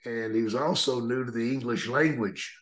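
A man with a relaxed drawl tells stories in a casual interview, chuckling as he goes. His voice sits at an ordinary pitch for a man, easy and unhurried. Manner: laid-back, drawling, laughs while telling stories. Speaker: guest, retired wrestler.

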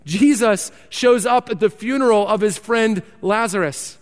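Earnest high-voiced male pastor preaching. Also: measured pace. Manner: earnest, rising and falling with emphasis, repeats words. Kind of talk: sermon. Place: church sanctuary. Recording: long hall reverb.

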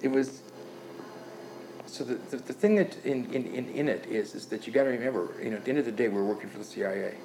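A man's voice: medium pitch, fast, a little hiss or hum, rough recording. Older man telling rowdy war stories. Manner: animated, profane, laughing storyteller with many restarts. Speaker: guest storyteller. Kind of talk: casual anecdote telling.

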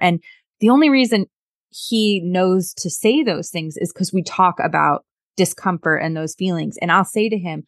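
A woman's voice: on the low side, moderate pace, dry recording, clean studio sound. A middle-aged woman talking earnestly in a casual conversation, often repeating words and acting out lines from family life. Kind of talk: casual conversation about sobriety.

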